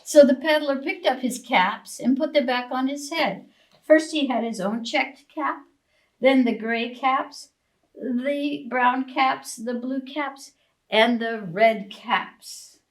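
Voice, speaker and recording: A woman librarian reading a picture book aloud to young children, expressive and asking them questions. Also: sits high, low-quality recording. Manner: slow, sing-song, expressive, asks children questions. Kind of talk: preschool storytime reading.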